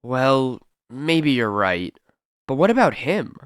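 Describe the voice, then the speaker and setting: A man's voice: mid-range voice, big pitch swings, takes it slowly, smooth, no room sound, studio quality. A man voicing a plucky teenage boy sidekick who talks in eager, jittery slang. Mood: uneasy.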